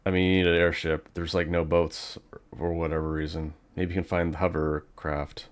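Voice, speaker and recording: A man's voice: sits low, flat delivery, normal speed. A man giving casual, rambling commentary while playing a video game, thinking aloud with plenty of fillers. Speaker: gaming channel host.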